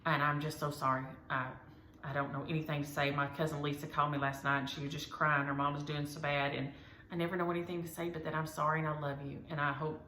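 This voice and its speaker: A woman's voice: low voice, flat delivery, quick pace, pushed and bright, roomy sound, a little hiss or hum. A woman, chatting to her viewers as a cross-stitch vlogger and rambling through homespun stories. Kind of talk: casual chat to viewers.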